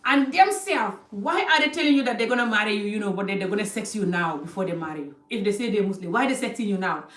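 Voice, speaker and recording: A woman's voice: mid-range voice, expressive, fast talker, hardly any pauses, a bit bright. Emphatic woman lecturing from across a room. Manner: emphatic, scolding, addresses viewer directly. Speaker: vlogger giving advice. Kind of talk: direct-to-camera lecture. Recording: roomy, distant from mic.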